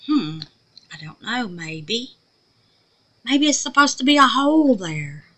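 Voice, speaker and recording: Chatty woman, bright drawl. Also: on the high side, sing-song, slow. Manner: chatty, talks to viewers as babies and y'all, muttering asides. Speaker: resin crafter. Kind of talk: casual crafting vlog.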